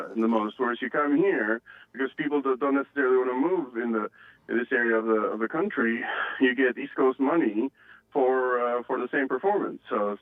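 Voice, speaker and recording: A male caller whose first language is not English, talking in a halting way with many restarts. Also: medium pitch. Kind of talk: casual chat on a phone call. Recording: tinny phone line.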